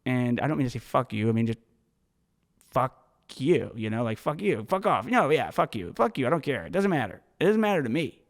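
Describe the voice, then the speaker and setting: A man hosting a solo podcast, telling a story in casual, profane, animated monologue. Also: mid-range voice, fairly quick, in a large hall. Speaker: podcast host.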